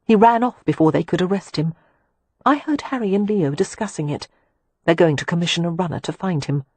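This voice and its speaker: A woman voicing Poppy, a gentle, kind young woman who speaks affectionately. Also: fairly low pitch, a little fast, husky, dry recording. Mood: informative. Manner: gentle and warm.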